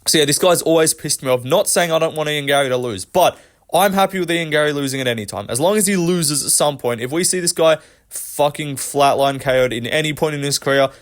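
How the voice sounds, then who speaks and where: A man's voice: on the high side, fairly quick. A young man hosting a commentary vlog, ranting with frequent swearing and exasperation. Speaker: MMA commentary channel host.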